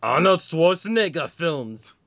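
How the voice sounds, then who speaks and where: A man's voice: on the high side, sing-song, measured pace, a bit bright. Upbeat man hosting a podcast. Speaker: podcast host. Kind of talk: casual movie podcast chat.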